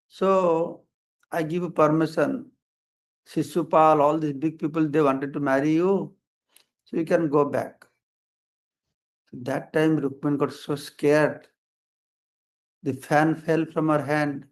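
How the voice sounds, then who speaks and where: Older man telling a devotional story slowly. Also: on the high side, steady tone, rough recording. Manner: retells scripture with quoted dialogue, simple phrasing, measured delivery. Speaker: swami giving a festival lecture.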